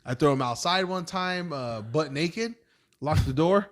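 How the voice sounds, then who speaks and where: Young male co-host, slightly high voice, swearing, easygoing storyteller. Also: expressive, normal speed. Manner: profane, reactive, laughs along. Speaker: podcast co-host. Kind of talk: casual chat.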